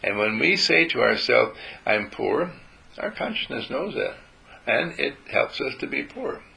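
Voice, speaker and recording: A man giving a gentle spiritual talk to a group, telling stories and acting out how he talks to his dog. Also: medium pitch, sing-song, unhurried, gravelly, poor audio.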